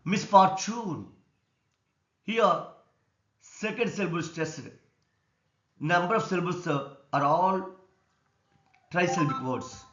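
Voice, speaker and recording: A man with an Indian English accent teaching an English lesson on word stress, explaining slowly and deliberately. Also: on the high side, lively intonation, a bit bright. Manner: slow, deliberate explanation, repeating words and stress rules. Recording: echoey room, dull lo-fi sound.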